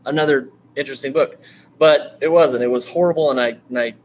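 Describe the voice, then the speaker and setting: A man of ordinary pitch teaches a writing course, sounding loose and chatty. He wanders off on tangents, stumbles and restarts, and lights up with sudden enthusiasm. A faint background noise sits under the recording. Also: brisk. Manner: rambling, digressive, with many fillers and restarts; bursts of excited enthusiasm. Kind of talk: casual screen-share lecture.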